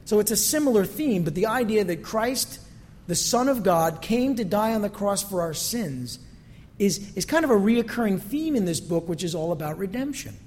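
A man's voice: high-pitched, expressive, moderate pace, a little mellow. A male pastor giving a conversational sermon that is full of rhetorical questions, recorded in a church sanctuary. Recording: long reverb from a hall.

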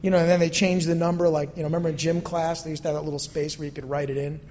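A male pastor with a slightly high, darkish voice speaks very fast and flatly, giving a conversational sermon packed with rhetorical questions. It was recorded in a church sanctuary with long, hall-like reverb.

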